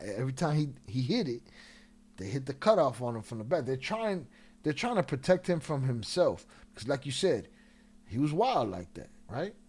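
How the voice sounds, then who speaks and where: A man hosting a live stream, telling a profane, animated story in a casual way and laughing along. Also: mid-range voice, slightly rough.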